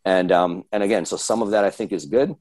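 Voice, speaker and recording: A man's voice: low voice, brisk, a little mellow, no room sound, rough recording. A man speaking as a fitness coach guest in a casual podcast interview, candid and rambling, swearing freely and laughing at himself. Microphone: video call.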